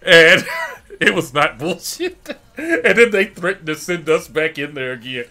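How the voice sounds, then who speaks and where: A man's voice: on the high side, measured pace. A middle-aged man from Detroit, telling stories in a casual chat and laughing often. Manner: animated, laughing often, acting out quotes. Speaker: streamer host. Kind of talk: casual storytelling.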